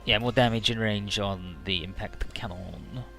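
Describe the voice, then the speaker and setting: A man's voice: on the low side, unhurried, vocal fry, pushed and bright, soft background music. A man hosting a let's play, giving casual, rambling game commentary with jokes and offhand swearing.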